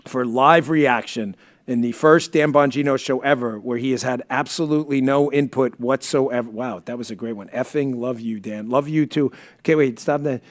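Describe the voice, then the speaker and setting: A man hosting his own live-stream show, reading an ad and telling stories in an animated, emotional way while sniffling. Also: medium pitch, creaky, no room sound. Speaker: podcast host. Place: studio.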